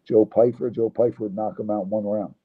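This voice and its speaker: A male guest on a tinny phone line, his voice sitting low. He gives blunt, opinionated takes in a casual back-and-forth. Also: steady tone, fairly quick, husky. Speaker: guest, fight promoter. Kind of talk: casual interview chat.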